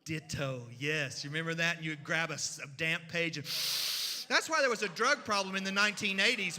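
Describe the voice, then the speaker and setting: A man, telling humorous stories at a church event in a folksy, animated way. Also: on the high side, in a large hall. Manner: folksy, animated, with drawn-out pauses. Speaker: storyteller. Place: church hall.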